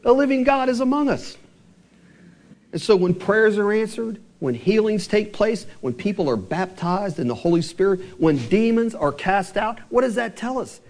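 A male pastor giving a sermon, asking the congregation rhetorical questions and slowing down for emphasis. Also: sits high, lively intonation, a little mellow.

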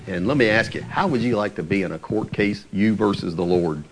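A man's voice: lowish voice, very animated, normal speed, a little hiss or hum. A man preaching in a conversational Bible-teaching style, explaining verse by verse, asking his listeners questions and chuckling now and then.

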